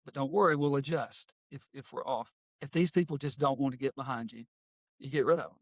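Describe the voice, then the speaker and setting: Middle-aged man, folksy interview guest; medium pitch, dry studio sound. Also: a little fast, no room sound. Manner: folksy, with homespun phrases. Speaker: guest, workplace culture consultant and author. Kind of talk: casual interview talk and storytelling.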